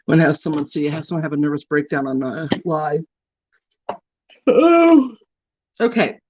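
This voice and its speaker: A drowsy woman hosts a livestream, trading jokes with viewers while she works on her makeup. Her pitch leaps and dips freely as she teases. The sound is dull and lo-fi, with no room echo around her. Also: lively intonation, unhurried, a little mellow. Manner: playful and teasing, yawning often. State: sleepy. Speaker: livestream host doing makeup. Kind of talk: casual chat with live viewers. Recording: dull, lo-fi and dry.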